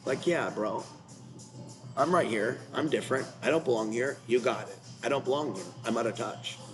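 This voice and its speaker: A man's voice: mid-range voice, moderate pace, music in the background, low-quality recording. A man hosting his own channel, ranting in an agitated, repetitive, confrontational way, apparently while in a car. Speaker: channel host. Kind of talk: rambling commentary rant.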